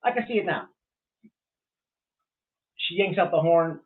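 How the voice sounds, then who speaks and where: Hosting a casual livestream, a man with a highish voice speaks at a measured pace, rambling bluntly and swearing as he reacts to chat. He's full of fillers and restarts, and the audio sounds tinny, like a phone.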